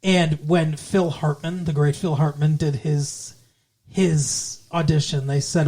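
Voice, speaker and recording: This podcast co-host's voice is on the high side yet darkish and husky, with a level tone and slow delivery. He rambles profanely in a casual chat reviewing a movie.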